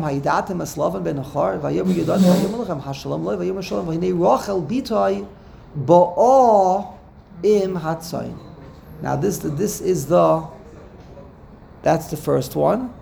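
A man's voice: high-pitched, moderate pace, vocal fry, warm tone, slight background noise. A man teaching a Torah text lesson, explaining step by step, quoting Hebrew verses and checking in with "okay?". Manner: checks in with "okay?", repeats words while thinking.

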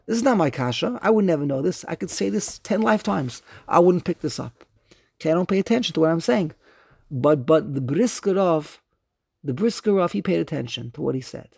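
A man leads a religious study class with emphatic, animated questions, drawing out quoted verses in a slow chant. His voice sits a little high with a gravelly edge. The recording is close and dry. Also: no echo. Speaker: rabbi teaching a class.

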